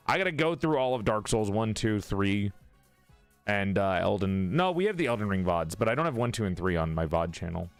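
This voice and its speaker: A male live streamer in casual chat who laughs, swears, greets his viewers and keeps repeating one line to practice an accent. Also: on the low side.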